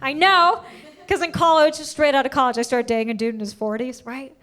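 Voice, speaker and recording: A woman's voice: high-pitched, fairly even intonation, brisk, a bit bright. A young adult woman doing a stand-up comedy set, brash and profane, acting out the people in her stories. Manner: brash, profane, acts out quoted voices. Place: comedy stage before a live audience.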